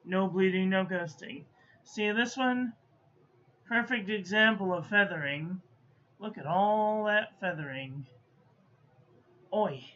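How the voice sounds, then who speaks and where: A woman's voice: medium pitch, slow, pauses often, fairly bright tone. A woman giving a casual stationery review, muttering to herself and playfully scolding as she goes. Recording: dull lo-fi audio with faint background noise.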